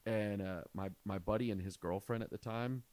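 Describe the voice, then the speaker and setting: A young man with a lowish voice tells a long, rambling story on a podcast, loose and chatty. He breaks into little impressions of the people in it. The sound is dry and close to the mic. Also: moderate pace, no room sound. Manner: rambling, animated storyteller who acts out quotes. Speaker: comedian podcast host. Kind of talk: casual storytelling chat.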